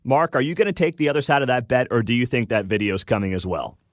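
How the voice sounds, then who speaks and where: A man's voice: medium pitch, quick pace, no echo. A young man hosting morning talk radio, chatty and sarcastic, speaking into a studio microphone. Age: young adult. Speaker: radio talk show host.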